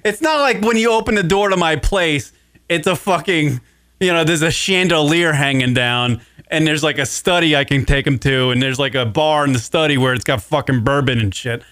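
A man's voice: on the high side, moderate pace, no room sound. A man hosting a radio talk show, rambling and swearing as he retells a story in casual comedic chat. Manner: profane, rambling, animated retelling.

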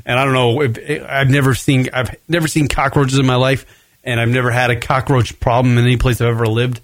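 A man's voice: mid-range voice, little pitch movement, fairly quick, a little hiss or hum. A young man hosting a podcast from his apartment, rambling and swearing in a loose, slightly tipsy solo rant. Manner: rambling, profane, self-mocking, loose from beer. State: a bit tipsy. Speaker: podcast host. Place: home studio in his apartment.

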